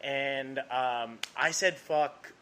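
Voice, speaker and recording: A young man, a comedian, telling a story in a casual podcast chat, animated and swearing freely. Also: mid-range voice, drawn-out words.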